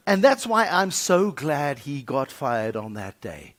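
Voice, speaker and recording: A man's voice: on the high side, expressive, slow. A middle-aged South African man giving a humorous keynote, telling stories with wry, dramatic swings in volume. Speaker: keynote speaker. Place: conference breakfast venue.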